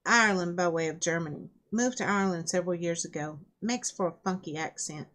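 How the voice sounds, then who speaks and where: A woman's voice: lowish voice, fairly quick, fairly bright tone, close to an everyday voice. A woman with a scratchy throat reading the lines of a polite, good-humored bearded Irish-German man who is lost.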